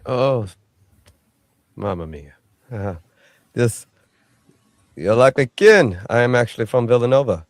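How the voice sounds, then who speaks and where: Brief: player doing a flustered young man character, lively pitch, dry close mic. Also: a little slow, pauses often, dry recording. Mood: surprised. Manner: excitable, talks over himself. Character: brash young man, excitable, eager to please.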